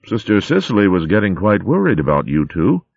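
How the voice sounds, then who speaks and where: A man doing Martin, a gentle warrior. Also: fairly low pitch, huge pitch swings, brisk, gravelly, dry recording, muffled recording, pitched above the performer's own voice, full character voice. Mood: reassuring. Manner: gentle and reassuring. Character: strong, kindly warrior mouse, protective.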